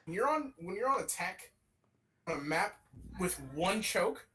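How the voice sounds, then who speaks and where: A man's voice: sits high, animated, a little slow, pushed and bright, poor audio. A young man co-hosting a casual gaming podcast, rambling and swearing as he ranks characters. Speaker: podcast co-host.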